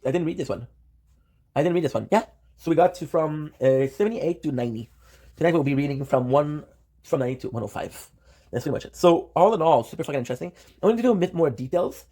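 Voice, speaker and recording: A man's voice: a little high, lively intonation, fast talker, mellow. A man streaming live, chatting casually and rambling, often talking to himself and swearing offhand.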